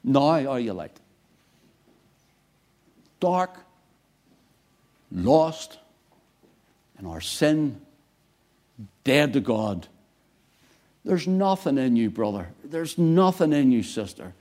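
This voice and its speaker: A man preaching a sermon, swinging between quiet, low lines and loud, emphatic bursts. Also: animated, extremely slow, pauses often.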